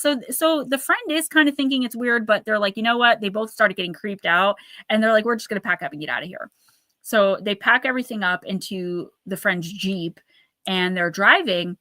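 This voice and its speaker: A woman hosting a live chat show, retelling a ghost story in a lively, animated way and acting out the quoted voices. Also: mid-range voice, no echo, clean studio sound. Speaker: host.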